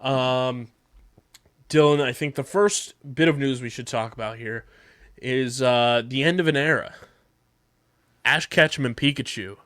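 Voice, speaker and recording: A man's voice: mid-range voice, a little slow, long pauses, fairly bright tone, clean tone, no echo, clean studio sound. A man hosting a casual podcast, running through news and a sponsor read with plenty of fillers. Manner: conversational, filler-heavy. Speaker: podcast host.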